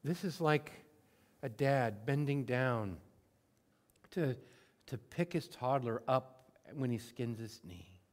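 A man preaching a sermon in a conversational way, acting out prayers in everyday words and moving between emphatic bursts and hushed moments. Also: mid-range voice, lively intonation, slow, long pauses. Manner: conversational, swings from loud emphatic to soft and hushed. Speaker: pastor.

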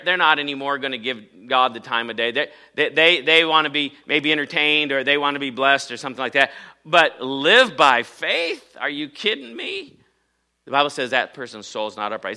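A man's voice: mid-range voice, pushed and bright. A man, a pastor, preaching a sermon in church, emphatic and often asking the congregation questions.

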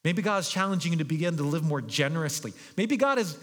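A man preaches from the pulpit, acting out a story, his voice rising into excited crowd calls and dropping low and quiet. His voice sits high for a man. A long reverb trails each phrase, as in a large sanctuary. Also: fast. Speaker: pastor. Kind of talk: sermon.

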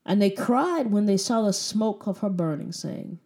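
Female preacher mid-sermon: warm, mellow voice, hammering points with rhetorical questions. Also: mid-range voice, expressive, unhurried. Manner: emphatic, rhetorical questions, repeats phrases.

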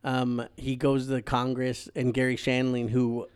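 A man's voice: medium pitch, monotone, normal speed, clear, resonant tone. A man, a father, chatting casually on a movie podcast, recapping the plot with many ums and restarts. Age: adult father. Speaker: podcast co-host.

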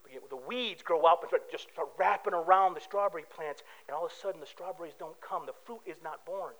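A man's voice: on the high side, fast talker, fairly bright tone, rough recording. A man preaching a sermon with emphatic rhetorical questions and joking asides. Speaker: pastor.

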